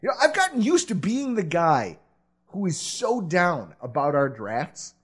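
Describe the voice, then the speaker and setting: A man's voice: a little high, big pitch swings, unhurried, breathy edge. A man hosting a sports podcast, swearing freely and laughing often between his lines. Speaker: podcast host. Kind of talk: loose, profane sports podcast chat.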